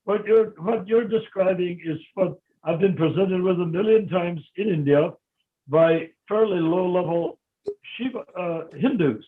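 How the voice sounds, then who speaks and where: A man's voice: high voice, measured pace. A man in a heated philosophical debate on a video call, insistent and interrupting as he lectures. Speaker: discussion participant. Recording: tinny phone-like line.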